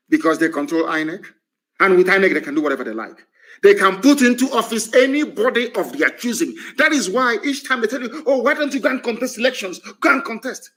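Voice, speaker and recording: A man's voice: on the high side, fairly bright tone. A middle-aged man delivering a live political broadcast, fiery and emphatic, with rhetorical repetition.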